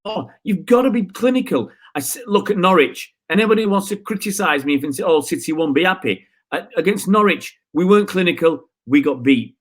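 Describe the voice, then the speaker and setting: A man's voice: sits high, lively intonation, a little fast. Frustrated man ranting about football. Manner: frustrated ranting, rhetorical questions. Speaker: football channel host. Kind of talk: live stream chat reading viewer comments.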